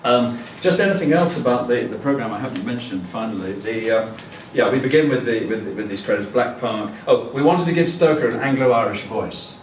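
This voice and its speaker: A man's voice: mid-range voice, a little fast, hardly any pauses, a little hiss or hum. An older man giving a chatty, rambling public lecture full of fillers and restarts. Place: lecture hall. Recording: echoey hall, distant mic.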